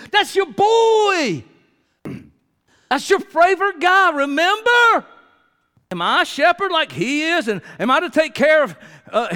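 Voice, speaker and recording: A man's voice: extremely high pitch, creaky, bright, forceful tone, voice pushed up, full character voice. A man voicing the biblical Cain as a bitter, resentful man who mocks with scornful questions. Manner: mocking, sneering questions. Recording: long hall reverb.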